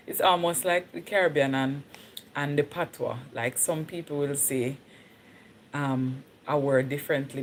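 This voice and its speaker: A woman's voice: low voice, slight background noise. A Jamaican woman chatting casually on her livestream, slipping into patois and laughing easily. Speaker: livestream host.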